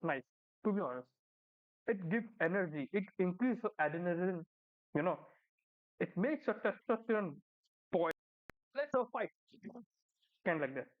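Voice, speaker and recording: A man's voice: high-pitched, animated, moderate pace, pauses often, very noisy. Indian man reacting, tinny phone-like sound. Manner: hesitant, full of fillers and tag questions. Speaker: reaction video host. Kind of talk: casual reaction commentary.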